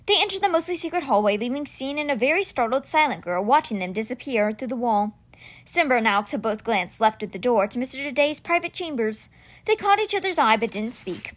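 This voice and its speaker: A woman reading a novel aloud chapter by chapter, with expressive storybook narration. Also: fairly high pitch, brisk. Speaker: audiobook reader.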